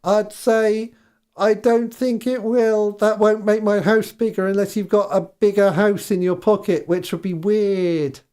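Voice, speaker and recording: A man doing a suspicious middle-aged housewife at her door, wary and reluctant, her voice pitched high and slow. She answers strangers curtly in a tabletop game voice. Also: little pitch movement, darkish tone, clean tone. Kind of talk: tabletop game role-play.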